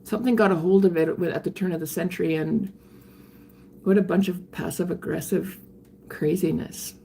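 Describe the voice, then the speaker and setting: An older woman, chatting candidly on a live stream and answering viewer comments in a halting way, often restarting her sentences. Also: lowish voice, steady tone, creaky, dark tone, a little hiss or hum. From Canada. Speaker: livestreamer reading viewer comments. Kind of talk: casual live-stream chat.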